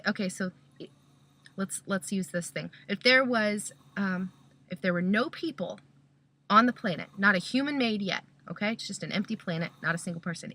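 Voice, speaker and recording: A woman's voice: mid-range voice, pushed and bright. A Christian mother giving a casual spoken talk, explaining step by step and often checking in with "okay?".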